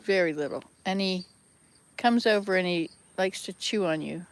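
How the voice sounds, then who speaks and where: An older woman with a lowish voice, speaking at a normal speed, chats casually for her travel vlog. She rambles and corrects herself as she films outdoors beside a hut on a handheld camera.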